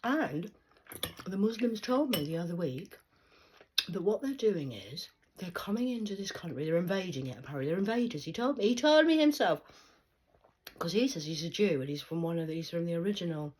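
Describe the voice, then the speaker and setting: A woman's voice: fairly low pitch, very animated, a little fast, breathy edge. A woman, talking straight to camera in an erratic, rambling monologue that jumps from one idea to the next. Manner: erratic, rambling, jumping between ideas.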